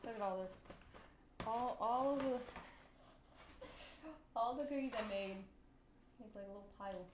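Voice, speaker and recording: Woman baking cookies on stream, chatty and giggly, highish voice, echoey kitchen w faint hiss. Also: a little slow, pauses often. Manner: chatty, giggly, talks to chat. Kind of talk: casual chat while baking on stream. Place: home kitchen.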